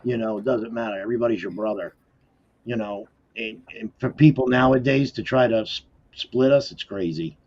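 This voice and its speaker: Husky guy co-hosting, voice swoops a lot, lo-fi muffled mic. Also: on the low side, normal speed. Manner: animated, exasperated reactions. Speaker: podcast host. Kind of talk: casual podcast chat. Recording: dull lo-fi mic.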